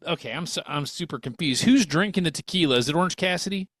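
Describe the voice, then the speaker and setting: A man's voice: a little high, lively intonation, fast talker, fairly bright tone, no room sound, clean studio sound. A man co-hosting a wrestling radio show in casual comedic banter, given to exaggerated rants.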